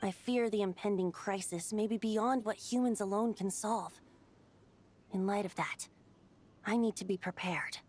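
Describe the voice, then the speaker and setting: A woman's voice: mid-range voice, measured pace, a little mellow, natural voice. A woman voicing a playful young male bard who is a wind god, speaking as a lilting, teasing storyteller in a video game. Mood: solemn.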